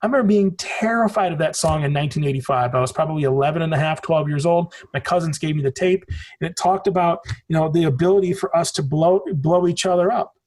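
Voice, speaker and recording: A man's voice: fairly high pitch, fast talker, darkish tone. A man in his forties from the United States, a podcast guest telling stories in a rambling, emphatic way and swearing freely. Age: 40s. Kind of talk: casual conversation.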